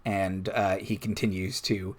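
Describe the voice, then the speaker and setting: A man's voice: low voice, little pitch movement, a little slow, a little hiss or hum. A man narrates a tabletop role-playing game as its game master. His delivery is loose and chatty, and he breaks into laughter often as he describes the scene.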